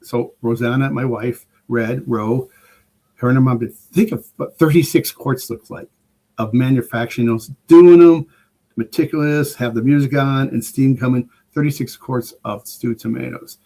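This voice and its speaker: Older man, podcast guest, rambling enthusiastic storyteller, casual, average pitch. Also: fairly even intonation, normal speed, darkish tone. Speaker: guest preparedness expert.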